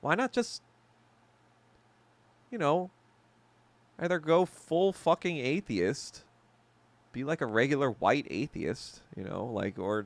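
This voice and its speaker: A man's voice: medium pitch, lively intonation, slow, vocal fry, long pauses, no echo. A man hosting a solo podcast chat, ranting bluntly and profanely with lots of filler words and abrupt topic jumps. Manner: blunt, jumpy topic changes. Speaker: podcast host. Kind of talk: solo livestream chat, answering viewers.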